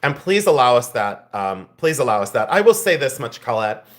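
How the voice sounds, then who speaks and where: A man's voice: mid-range voice, big pitch swings, normal speed. A man hosting a live jewelry sale stream, teasing viewers in the chat, laughing often and turning tender when he speaks to a friend.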